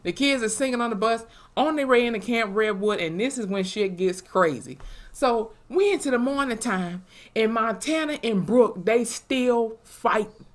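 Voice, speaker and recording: A young woman, recapping a TV episode in an animated, profane way and acting out the characters' lines. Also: a little high, normal speed. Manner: animated, profane storytelling with acted-out quotes. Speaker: TV episode reviewer. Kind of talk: casual recap vlog.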